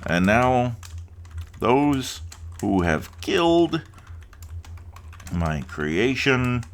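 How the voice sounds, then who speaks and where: A man's voice: medium pitch, very animated, pitched above the performer's own voice, full character voice. A man voicing a scarred, malevolent male goblin chieftain with a guttural, snarling growl. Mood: menacing. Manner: snarling, slow and menacing.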